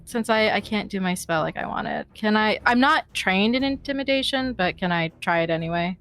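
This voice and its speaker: A woman's voice: medium pitch, normal speed, a bit bright, faint music behind. Hesitant chatty woman player. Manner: hesitant, chatty, many fillers and restarts. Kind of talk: playing a tabletop game.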